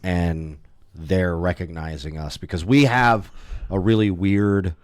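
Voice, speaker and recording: A man co-hosting a casual podcast, telling stories in a rambling, animated way with many restarts. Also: low voice, slow, no echo. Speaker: podcast co-host. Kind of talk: casual chat.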